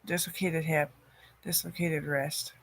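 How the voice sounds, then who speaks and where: A woman in a rambling personal monologue, cursing often, her loudness swinging from loud outbursts to near-murmurs. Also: low-pitched, level tone, measured pace, dry recording.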